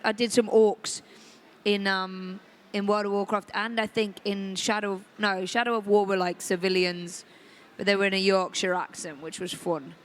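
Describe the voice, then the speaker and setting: An actress talking casually on a convention panel, easygoing and a little hesitant. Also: female voice, mid-range voice. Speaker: voice and motion capture actress.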